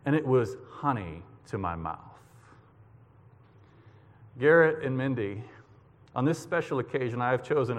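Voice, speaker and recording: A man giving an earnest, measured sermon as guest preacher at a church service. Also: medium pitch. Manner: measured, earnest, slows for emphasis. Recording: long hall reverb.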